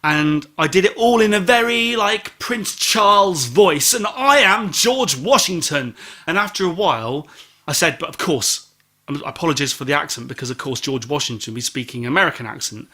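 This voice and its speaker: Bright-voiced joking man. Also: fairly high pitch, lively intonation, moderate pace. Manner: jokey, rambling, teasing, with sudden loud exclamations. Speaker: podcast co-host. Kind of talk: casual chat, album review.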